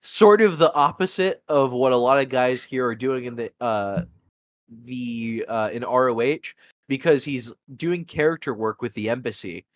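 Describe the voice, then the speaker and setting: A man hosting a casual wrestling podcast, talking in halting bursts with lots of fillers. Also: medium pitch, no room sound. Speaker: podcast host. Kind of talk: casual chat.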